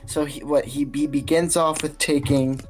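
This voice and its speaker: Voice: medium pitch, fairly even intonation, faint music behind. A podcast co-host in a casual discussion, speaking hesitantly with many restarts. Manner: hesitant, halting.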